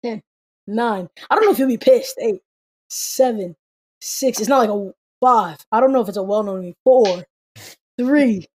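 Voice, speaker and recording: Woman, fairly high voice, playful, teasing, quiz host, casual chat. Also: normal speed, darkish tone. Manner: playful, teasing, counts down quotes. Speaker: game host.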